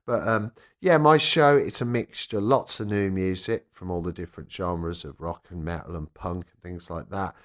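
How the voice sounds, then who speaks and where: A man's voice: sits low, moderate pace, few pauses, fairly bright tone. A man, a rock radio presenter and former punk singer, telling an anecdote in a casual interview, acting out quoted voices as he goes.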